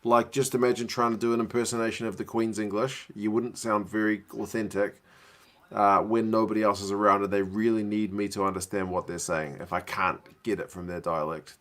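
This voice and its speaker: A man's voice: lowish voice, a bit bright. A man hosting a casual live watch-along from his living room, chatting and answering viewers' questions. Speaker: livestream host.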